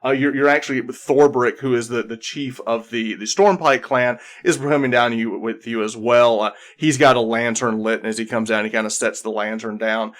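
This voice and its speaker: A man's voice: mid-range voice, steady tone, a little fast, hardly any pauses, fairly bright tone. Rambling male game master. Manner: rambling with restarts and fillers. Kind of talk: narrating a tabletop game.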